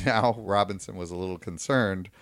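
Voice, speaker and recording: A podcast co-host with a deep voice recounts a news story at length in casual conversation, paraphrasing what people said. He talks at a moderate pace, and the recording is dry with a clean studio sound.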